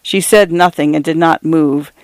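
A man narrating a first-person story in a measured, even way. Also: fairly high pitch, dry recording.

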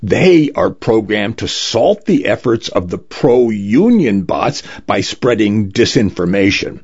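A man's voice: on the low side, very animated, takes it slowly, darkish tone, slightly rough, highs cut off, exaggerated voice. A man voicing a matter-of-fact male lawyer who explains things in a dry, slightly prim way, read as part of a storybook-style reading. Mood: explanatory.

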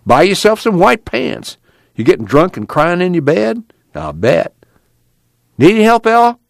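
Brief: man reading as a rough, impatient working man, gruff and blunt, animated delivery. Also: high voice, unhurried, dry recording, voice pushed up, exaggerated voice.

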